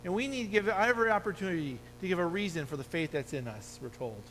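A man's voice: high voice, lively intonation, fast talker, a bit bright. A middle-aged man preaching a sermon, earnest and exhorting, quoting scripture as he urges his listeners. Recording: long hall reverb, faint hum.

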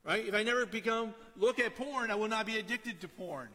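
High, bright-voiced preacher in a hall. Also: male voice, fairly quick. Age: middle-aged. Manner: conversational, asks "right?" often, drops to a quiet storytelling tone. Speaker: pastor. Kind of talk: sermon.

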